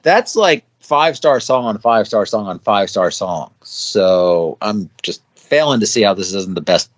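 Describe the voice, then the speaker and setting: A man's voice: on the low side, lively intonation, normal speed, no echo. A man co-hosting a podcast, opinionated and joking in a laid-back casual chat. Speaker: podcast co-host. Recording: dull dry podcast mic.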